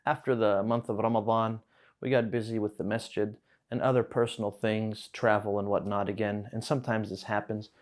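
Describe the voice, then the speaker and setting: A man's voice: fairly low pitch, flat delivery. Patient man teaching at a whiteboard. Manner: patient, explains slowly and repeats words. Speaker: Arabic teacher. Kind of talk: classroom lesson at a whiteboard.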